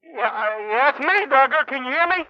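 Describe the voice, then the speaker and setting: A man on a dull, lo-fi phone line, patiently repeating himself to someone who can't hear him. His voice is high, and it sounds dry and close. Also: expressive, a little fast, dry recording. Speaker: phone caller. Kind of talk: casual phone chat.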